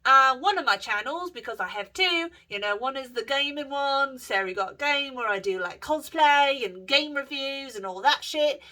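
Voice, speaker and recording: A woman voicing a brash, chatty young female gamer YouTuber with a mock Australian accent, rambling excitedly. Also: high voice, normal speed, hardly any pauses, distant mic, voice pushed up. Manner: rambling, excited, spitting in character.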